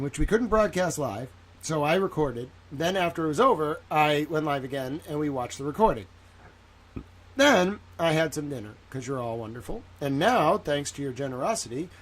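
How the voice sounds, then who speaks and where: Male streamer, Southern accent, slightly high, casual and sarcastic. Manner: chatty, sarcastic, talks to chat by name. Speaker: livestream host. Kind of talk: casual livestream chat.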